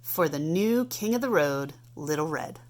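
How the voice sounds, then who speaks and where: A woman in her thirties reading a picture book aloud at home to a child, animated and playful. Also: low voice, a little slow. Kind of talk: storybook read-aloud.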